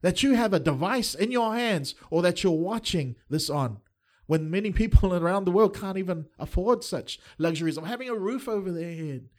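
A man's voice: high voice, expressive, moderate pace, a little mellow. A middle-aged man preaching a livestreamed sermon, earnest and fervent, with touches of light humor. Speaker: pastor.

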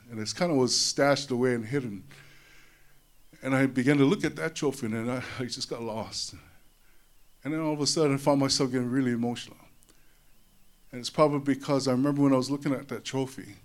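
A man giving a personal testimony to an audience. He talks in an animated way, repeats his words, and drops low and soft in tender moments. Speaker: speaker sharing a personal testimony. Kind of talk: emotional storytelling speech.

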